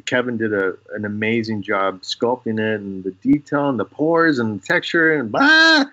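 Male podcast guest, animated anecdote-teller, mid-pitched, dry dull recording. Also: moderate pace, dry recording. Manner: animated storyteller acting out quoted dialogue. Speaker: guest special effects makeup artist. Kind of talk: casual podcast chat.

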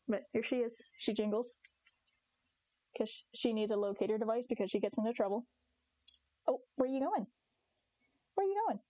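A young woman chats casually while streaming a game, giggly and talkative. Her voice sits a little high and sounds dry and close, with no room around it. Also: dark tone, dry recording. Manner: chatty, giggly, talks to her cats and chat. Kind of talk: casual live-stream chat.

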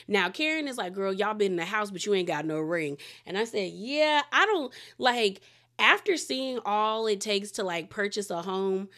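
A woman from the Washington DC area giving a chatty, opinionated recap of a reality show, her pitch jumping up when she gets excited. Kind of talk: casual recap commentary.

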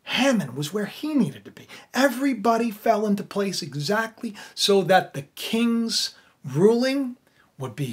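A man giving an informal Bible teaching, retelling the story with animated, casual storytelling. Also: high-pitched, breathy edge.

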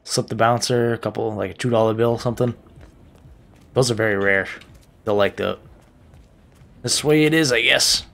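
A man's voice: fairly low pitch, level tone, normal speed, creaky, pauses often, a bit bright. A man giving joking, profane gameplay commentary, talking to himself as he plays. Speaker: gaming YouTuber.

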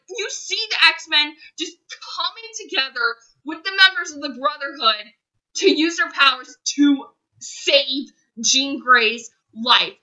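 A young woman talks through a film review in a high, very bright voice. She gushes, repeats her phrases and sounds close to tears at times. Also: rough recording. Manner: gushing, emotional, repeats phrases. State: choked up, near tears. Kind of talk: casual spoiler review monologue.

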